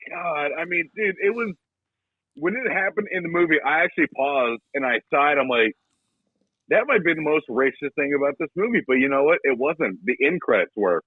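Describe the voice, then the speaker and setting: A young man co-hosting a podcast, his fairly high voice swinging through a wide, animated range. He jokes crudely and swears freely. His tone is a bit husky, and the sound is dry and dull, like lo-fi podcast audio. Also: moderate pace, no room sound. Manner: crude, profane, jokey. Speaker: podcast co-host. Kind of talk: casual comedic chat.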